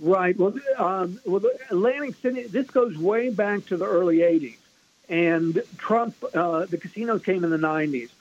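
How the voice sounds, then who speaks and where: A man with a slightly high voice explains things quickly and with emphasis, often stopping to restart his sentences. He is a guest in a radio interview, and the broadcast sound is muffled and lo-fi. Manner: fast, restarts a lot, emphatic. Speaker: author and guest.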